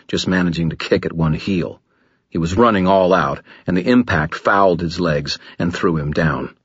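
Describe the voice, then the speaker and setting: Man, first-person audiobook narration, gritty tense delivery, very low voice, dry lo-fi recording. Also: fairly bright tone, breathy edge, dry recording.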